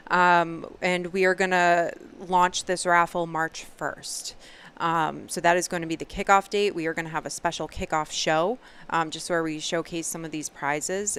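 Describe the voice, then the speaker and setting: A woman's voice: deep voice, a bit bright, smooth. A woman co-hosting a podcast in casual chat, talking freely with frequent ums. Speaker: podcast co-host.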